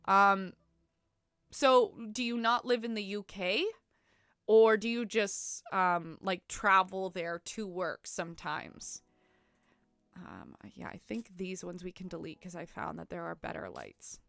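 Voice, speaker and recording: A woman's voice: medium pitch, lively intonation, unhurried, gravelly, fairly bright tone, clear, resonant tone, no echo. A Canadian woman from Ontario chatting casually with viewers on a livestream, full of "like" and "um", giggling and apologizing as she goes. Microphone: desk mic she keeps bumping.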